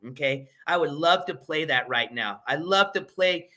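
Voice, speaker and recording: A man's voice: on the high side, animated, moderate pace, sharp tone. A man hosting a casual livestream, laughing often and rambling with fillers and restarts, turning scornful and mocking. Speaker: livestream host.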